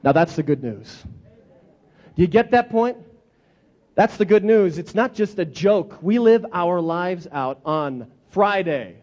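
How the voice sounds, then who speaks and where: A man delivers a sermon as animated storytelling, leaning on dramatic repetition. His voice sits high and swings widely in pitch. The recording sounds dull and lo-fi. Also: a little slow. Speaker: pastor.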